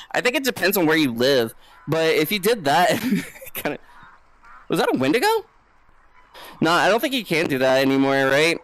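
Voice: mid-range voice, no echo, low-quality recording. A streamer chatting casually and hyperactively on a live VR stream, swearing freely. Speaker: VTuber streamer. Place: home setup, playing VR. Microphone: VR headset setup.

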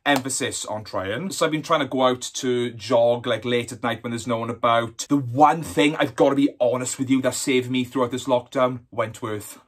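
A man's voice: medium pitch, a bit bright. A Welsh man in his twenties, flamboyant and camp, answering viewer questions in a sassy, swear-heavy vlog. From Wales. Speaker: YouTuber. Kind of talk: casual Q&A vlog.

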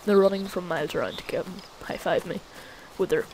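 A woman's voice: on the low side, brisk, darkish tone, a little hiss or hum. A woman casually commenting on her own gameplay as a gaming channel host, chatty and easily startled. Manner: jumpy, swears when startled, chatty. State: recently sick.

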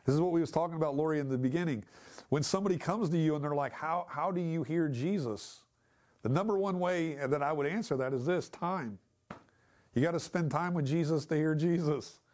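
A man's voice: fairly high pitch, fast, darkish tone. A man teaching a church Bible study class, talking in a conversational, emphatic way and putting questions to the class.

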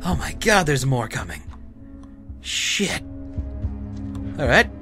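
A man commentating a game as he plays, joking and talking to the characters, dropping to whispers and bursting into yells and swearing. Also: medium pitch, big pitch swings, slow pace, gravelly. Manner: swings from hushed whispers to loud yelling and swearing. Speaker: gameplay commentator. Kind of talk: let's play commentary. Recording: game music playing behind.

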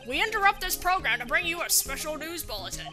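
A formal TV news anchor reading a bulletin in measured tones, voiced by a woman. The pitch sits high and lively. Video game music plays behind. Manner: measured newsreader delivery.

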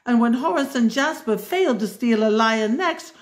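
A woman reading a storybook aloud in an expressive way, adding wry asides of her own. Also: on the high side, normal speed, reverberant.

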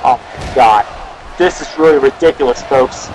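A young man giving excitable amateur play-by-play commentary on a wrestling match, often shouting exclamations. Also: mid-range voice, normal speed. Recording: noisy amateur video with crowd.

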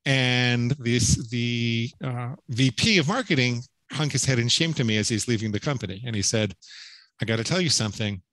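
A man's voice: medium pitch, moderate pace, few pauses, a bit bright, no room sound, poor audio. A middle-aged man talking as a podcast guest. He tells his story earnestly and with emphasis, with frequent restarts and "right?" tags. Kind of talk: storytelling interview talk.

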